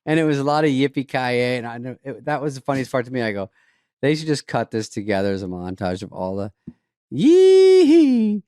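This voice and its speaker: A man's voice: mid-range voice, fast talker, clean tone, no echo, studio quality. A man co-hosting a podcast, trading sarcastic, rambling comic riffs in casual chat. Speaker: podcast co-host.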